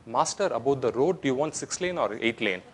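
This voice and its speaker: A man voicing a grand, servile but sly male magic genie, speaking slowly and quietly inside a joke. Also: mid-range voice, animated, slightly rough. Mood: solemn, dry.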